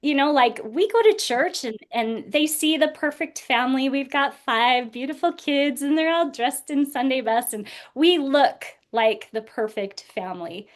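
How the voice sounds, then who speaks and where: Woman, forties, podcast guest sharing her story; higher voice, earnest, light laughs through painful moments. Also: a little slow, few pauses. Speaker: guest speaker.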